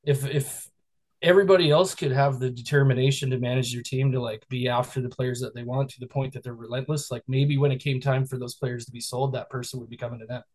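A man on a casual podcast, speaking bluntly and swearing often as he presses his point. His voice sits at an ordinary middle pitch. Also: fairly even intonation, fast talker, darkish tone, poor audio. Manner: blunt, profane, lecturing about respect. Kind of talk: casual fantasy sports chat.

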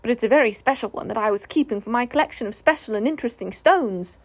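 Tigger, a woman doing a bouncy eager tiger. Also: fairly high pitch. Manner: fast, eager chatter.

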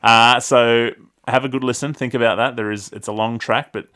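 A man's voice: mid-range voice, steady tone, normal speed, pushed and bright. A man with an Australian accent co-hosting a podcast, chatting casually, laughing often and stumbling over words. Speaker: podcast co-host.

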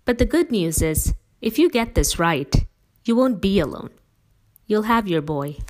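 A woman voicing a devoted middle-aged mother who speaks emphatically and persuasively, with gentle teasing. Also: medium pitch, animated, measured pace, pitched above the performer's own voice, close to an everyday voice.

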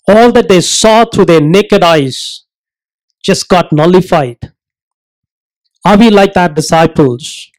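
A man preaching a sermon, earnest and emphatic, asking rhetorical questions and slowing down to stress his points. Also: high voice, a little mellow, low-quality recording.

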